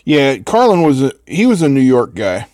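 With a medium-pitched, sing-song voice of darkish tone, an older host speaks at a moderate pace in clean studio sound without echo. During his live electronics build he chats casually, rambles, and replies to viewers between soldering steps.

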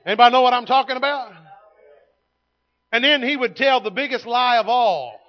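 High-voiced preacher in his fifties. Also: normal speed, muffled recording. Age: 50s. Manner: folksy storytelling preacher, swings from loud to hushed. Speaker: pastor. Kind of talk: sermon. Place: church sanctuary.

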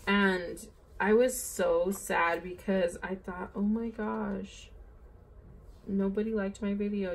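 A young woman chatting casually while she fills in her planner, rambling and bubbly, saying "like" and "oh my gosh" often. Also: fairly low pitch. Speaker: planner vlogger. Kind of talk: casual chatty plan-with-me vlog.

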